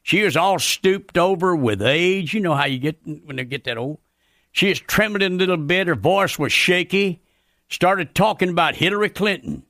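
Brief: a man voicing a grumpy redneck radio commentator, drawl, bright and forceful, rather high-pitched. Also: lively intonation, normal speed, no echo, clean studio sound, heavily acted. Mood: ranting. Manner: folksy, ranting, ungrammatical drawl. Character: loudmouthed folksy redneck male commentator, middle-aged, grumpy. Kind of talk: scripted radio comedy rant.

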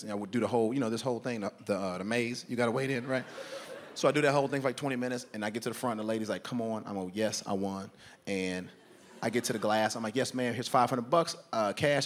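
Animated man telling a stand-up story. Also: medium pitch. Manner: animated storytelling, acts out both sides of an argument. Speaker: stand-up comedian. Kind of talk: stand-up routine. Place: comedy club stage.

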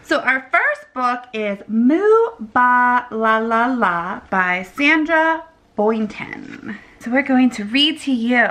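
Bright, high-voiced mom reading aloud. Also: female voice, very animated, takes it slowly. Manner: sing-song, playful animal noises. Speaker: mother reading to her toddler. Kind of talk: reading picture books aloud.

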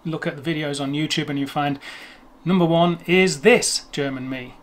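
A chatty man from England hosts a language video, explaining pronunciation to the camera in a rambling way and correcting himself as he goes. His voice is a little high, with a steady tone and normal speed.

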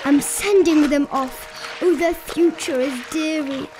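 A woman voicing a small, fussy old male forest creature who scolds and pleads in a high voice. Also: measured pace, over music. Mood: scolding.

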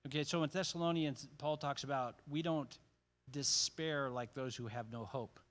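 A man's voice: mid-range voice, normal speed, a bit bright. A man leading a church Bible study in a casual, conversational teaching style, with joking asides and frequent restarts.

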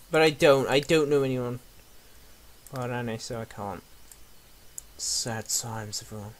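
A man's voice: mid-range voice, a little slow, pauses often, noisy background. A young man giving rambling, jokey let's play commentary and talking back to the game characters. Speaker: gamer.

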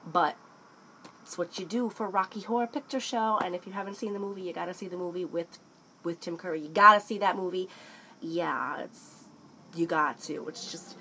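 A woman's voice: on the low side, normal speed, slight background noise, rough recording. Young woman vlogger, bubbly and theatrical, drifts into silly accents, recorded on camera mic in a small room. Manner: excitable, bursts into song, slips into put-on accents. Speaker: beauty vlogger. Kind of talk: casual makeup haul chat.

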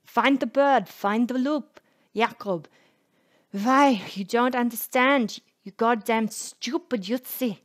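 A woman voicing a frantic old grandfather who shouts wildly, like a crazy person, in a storybook reading. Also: extremely high pitch, slow pace, pitched above the performer's own voice, exaggerated voice. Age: older.

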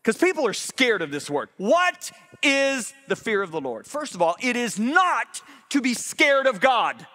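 Male preacher, high and bright, animated storytelling sermon with sharp swings between excitement and hushed weight. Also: measured pace, hardly any pauses. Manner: animated storytelling preacher, swings between loud exclamations and low intense emphasis. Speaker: pastor.

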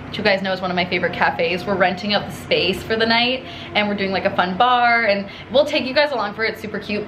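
A woman's voice: medium pitch, fairly bright tone, slight background noise. A woman in her twenties, talking to camera in a casual vlog from her apartment, bubbly and chatty with lots of fillers. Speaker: vlogger and brand founder.

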